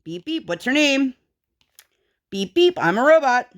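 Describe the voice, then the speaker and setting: A woman's voice: high-pitched, very animated, measured pace, voice pushed up. A woman voicing a restless small girl who chants robot noises in a repetitive singsong.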